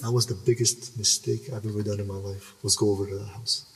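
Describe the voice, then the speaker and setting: A man's voice: lowish voice, quick pace, slight background noise. A man telling a personal story in conversation, emphatic and repeating himself as he goes. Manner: animated, emphatic, repeats words and restarts. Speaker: podcast guest. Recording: reverberant room, mic at a distance.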